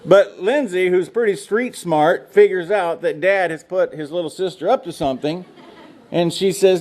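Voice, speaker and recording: A man's voice: high voice, moderate pace, a little mellow. A middle-aged man from the United States speaking to students, a folksy storyteller joking about ranch life. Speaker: guest speaker. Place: lecture room.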